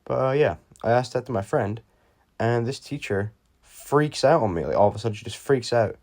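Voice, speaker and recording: A man's voice: medium pitch, expressive, normal speed, a little mellow. A young man telling a story time video in a casual, rambling way, full of fillers and swearing. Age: young adult. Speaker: YouTuber.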